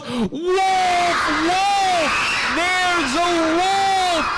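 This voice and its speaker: Narrador expresivo para niños, voz aguda. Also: male voice, very high voice, rough recording. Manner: expressive, audience call-and-response. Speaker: children's storyteller, speaker. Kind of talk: animated storytelling for children. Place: convention hall, live children's session.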